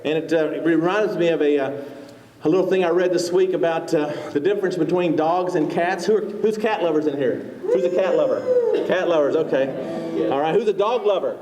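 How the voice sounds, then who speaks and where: High-voiced preacher in an echoey hall. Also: male voice, a little fast, dark tone. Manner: conversational, filler-heavy, asks the congregation questions. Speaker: pastor. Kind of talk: sermon. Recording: echoey hall, distant mic.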